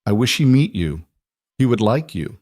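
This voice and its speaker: A man voicing a shy, wary young deaf woman who speaks quietly in halting, broken English in a storybook tale. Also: medium pitch, very animated, no room sound, studio quality. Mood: wistful.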